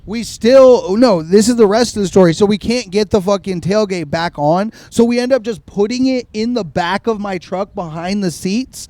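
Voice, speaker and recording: A man hosting a podcast, telling a story in casual chat, loud and sweary with frequent laughter. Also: sits high, moderate pace, few pauses. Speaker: podcast host. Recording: dry, slightly distorted mic.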